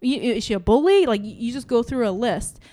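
A woman's voice: on the high side, expressive, brisk, dark tone. A woman co-hosting a casual podcast chat who rambles with lots of "like" and restarts, swears freely and acts out the questions running through her head.

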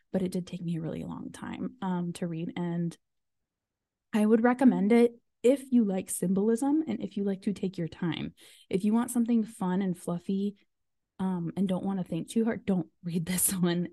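A woman in her thirties chats on her podcast, with plenty of "um" and "like" as she goes. Her voice is mellow and dark, and the recording is dry with no room sound. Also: medium pitch, dry recording. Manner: chatty, full of fillers and "like". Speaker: podcast host. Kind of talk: casual chat.

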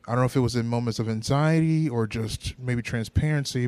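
A young podcast co-host from Buffalo, New York, tells a dating story in a casual chat, rambling and hesitant with lots of fillers. His voice is lowish and a little mellow, with no echo.

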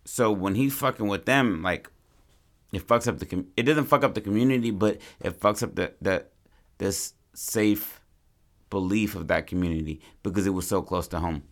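A man's voice: low-pitched, normal speed. A man co-hosting a podcast, brainstorming a story in casual, rambling, profane chat. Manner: rambling, profane, acts out characters. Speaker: podcast co-host.

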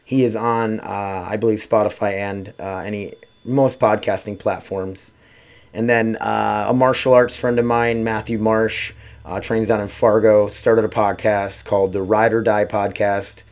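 A man's voice: lowish voice, little pitch movement, a little slow, a little mellow. Rambling, cursing podcast host man. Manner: rambling, profane, frequent "uh" fillers. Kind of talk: casual solo podcast chat. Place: at home.

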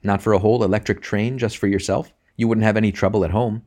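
A man's voice: on the low side, steady tone, fast, a little mellow, lightly acted. A man reading a sly, coaxing baker. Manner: coaxing, insinuating. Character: sly, scheming middle-aged male baker. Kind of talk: audiobook reading.

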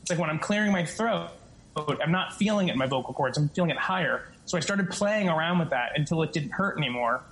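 A man's voice: fairly high pitch, animated, fast talker, fairly bright tone, poor audio. A man with a tenor voice, an actor and guest, talking casually in an interview and explaining with frequent restarts and asides.

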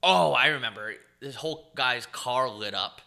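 A man's voice: mid-range voice, lively intonation, normal speed, gravelly, bright, forceful tone. A young man co-hosting a podcast, telling stories in a laid-back, profane way and mimicking other people's voices. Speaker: podcast co-host. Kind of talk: casual chat.

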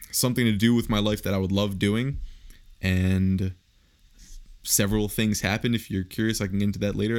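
Reflective young man, low voice, laughs easily. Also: darkish tone. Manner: reflective, laughs often, casual swearing. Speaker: podcast guest. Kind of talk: casual conversation.

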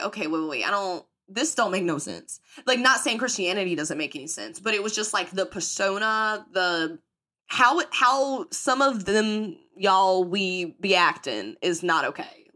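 A young woman hosts her own podcast and talks straight to the listener, candid and full of swearing. Her bright, forward voice jumps all over the place in pitch as she tells a story and slips into the voices of people she quotes. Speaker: podcast host. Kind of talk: casual storytelling monologue.

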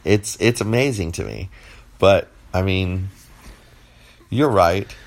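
A man co-hosts a casual podcast in a very low voice. He rants bluntly about everyday annoyances, stretching words out for emphasis. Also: very noisy. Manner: blunt, ranting complaints with drawn-out emphasis. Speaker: podcast co-host. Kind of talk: casual chat.

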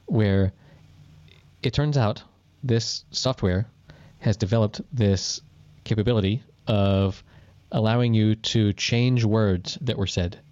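A man's voice: on the low side, slow pace, a little mellow, smooth, no echo, muffled recording. A man co-hosting a podcast, telling a story in casual chat and swearing freely. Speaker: podcast co-host.

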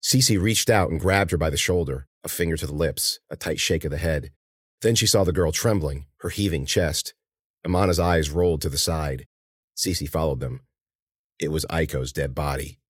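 A man's voice: extremely low pitch, moderate pace, slightly rough, no room sound, studio quality. A man narrating an audiobook in a tense, dramatic way.

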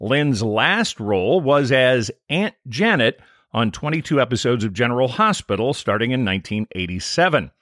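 Brief: upbeat man co-host reading recap notes, animated pitch, dry close sound. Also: moderate pace, no echo. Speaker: podcast co-host. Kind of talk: scripted episode recap.

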